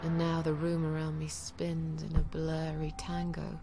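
A woman's voice: deep voice, completely flat delivery, a little slow, music in the background. A woman voicing a weary, despairing middle-aged woman in a video game, speaking in a resigned, half-whispered way.

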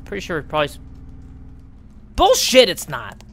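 Sarcastic, lively gaming commentator. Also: mid-range voice, moderate pace. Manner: sarcastic, swears freely, yells at the game characters. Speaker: let's play commentator.

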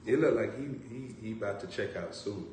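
A man's voice: lowish voice, darkish tone. A man preaching a sermon, telling jokes and stories in a drawling way. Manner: storytelling, joking, drawling, slow. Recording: echoey room, distant mic, faint background hum.

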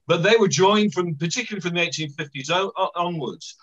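A man giving enthusiastic, animated comments after a local-history lecture over a video call. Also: high voice, fairly quick. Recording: dull lo-fi call audio.

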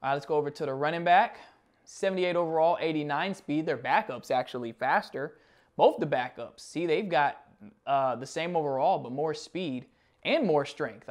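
A young man with a fairly high voice calls his football video game as he plays it. He mutters quietly through the rosters, then jumps to loud, excited play-by-play on big plays. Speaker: gaming channel host.

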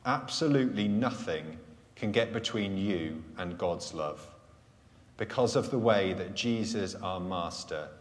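A man preaching a live sermon at a Sunday church gathering, earnest, letting key phrases fall soft and low. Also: lively intonation. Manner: earnest, slows and drops softly on key phrases. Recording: echoey church hall sound.

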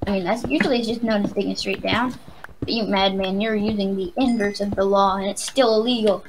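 A woman chatting while she plays a game, her pitch sitting right in the middle of the range. She rambles and jokes easily with her co-player. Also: steady tone, brisk, noisy background. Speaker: let's play co-host. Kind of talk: casual gaming chat.

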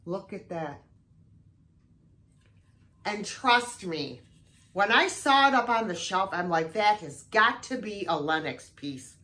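A woman's voice: mid-range voice, expressive, slow, pauses often, bright, forceful tone. An older woman chatting casually through a thrift haul video, exclaiming often as she shows off her finds.

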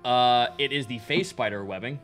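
A man's voice: medium pitch, normal speed, fairly bright tone, faint music behind. A man narrating as game master in a casual tabletop game, loose and chatty with many fillers.

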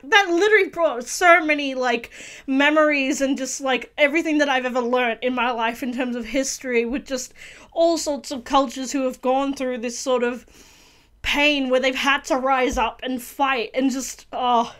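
A woman's voice: high voice, fairly even intonation, normal speed, fairly bright tone. A woman hosting a casual video reaction review, talking earnestly and gushingly with many restarts and fillers. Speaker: reaction channel host.

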